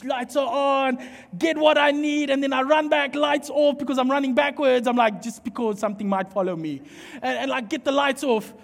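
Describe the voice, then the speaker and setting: Man, high voice, sermon, animated, playful, joking, large echoing hall. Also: normal speed, creaky. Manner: animated, playful, jokes with the congregation. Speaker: preacher. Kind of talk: sermon with humorous storytelling. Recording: long hall reverb.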